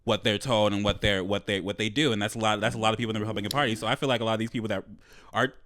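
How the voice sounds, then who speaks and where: Fast-talking young man, dry sound. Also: lowish voice, steady tone, fairly bright tone, no echo. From Los Angeles. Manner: quick, rambling, laughs often. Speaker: podcast co-host. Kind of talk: casual chat.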